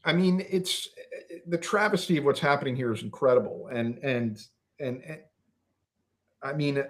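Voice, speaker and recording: A man's voice: mid-range voice, moderate pace, a bit bright. A man speaking as a podcast guest in a heated political discussion, angry and impassioned, swearing and restarting his sentences.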